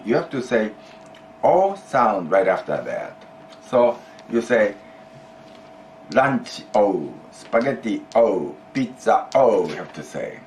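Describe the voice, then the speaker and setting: A man's voice: medium pitch, a little hiss or hum. A man teaching a Japanese grammar lesson in English, explaining patiently, repeating key phrases and prompting his student to answer.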